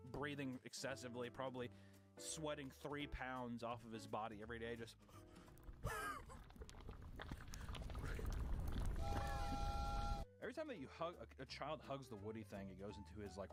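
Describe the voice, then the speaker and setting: A man's voice: medium pitch, brisk, loud music behind the voice. A young man streaming, giving casual reaction commentary in a profane, mocking way and laughing often.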